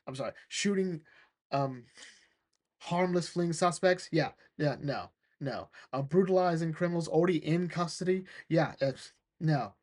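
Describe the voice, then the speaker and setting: A man giving a casual recap of a comic book, animated and quick to laugh, acting out the characters' lines as he goes. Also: on the high side.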